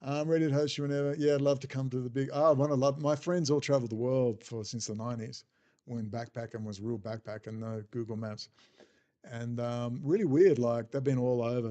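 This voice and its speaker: A man's voice: medium pitch, darkish tone. Rambling man livestreaming. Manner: rambling, blunt, swears, answers chat aloud. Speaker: livestream host reading chat. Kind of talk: casual rambling livestream chat.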